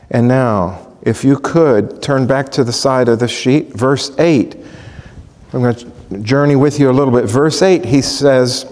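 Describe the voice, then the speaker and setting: Male pastor, Bible teaching, animated and questioning, lively pitch, long hall reverb. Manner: animated, rhetorical questions to the congregation.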